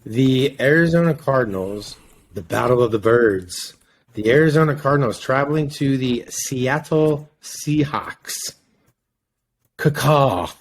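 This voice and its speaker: A man's voice: mid-range voice, measured pace. A man hosting a casual sports podcast, joking as he reads through the weekend's game picks.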